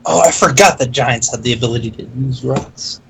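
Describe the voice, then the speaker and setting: A man's voice: medium pitch, a little fast, vocal fry, background noise. A man playing in a tabletop game, chatty and joking about the action. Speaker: player. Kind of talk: casual tabletop banter.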